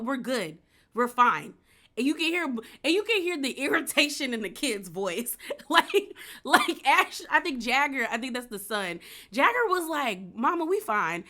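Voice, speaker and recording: A woman's voice: medium pitch, bright, forceful tone. A woman recapping a reality show in a chatty, gossipy way, full of "girl" and "like" asides. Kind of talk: casual recap commentary.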